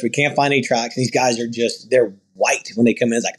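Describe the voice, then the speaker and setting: A ranch owner in an interview, talking earnestly and rambling through stories with quoted dialogue. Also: male voice, mid-range voice, fairly even intonation, fairly quick, hardly any pauses, slightly rough. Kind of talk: conversational interview storytelling.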